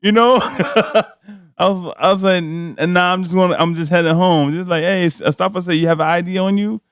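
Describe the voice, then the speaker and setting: A man, co-hosting a podcast and telling a comedic story in a loud, laughing, slangy way. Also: high-pitched, steady tone, moderate pace, clean tone, no room sound, studio quality. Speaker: podcast co-host.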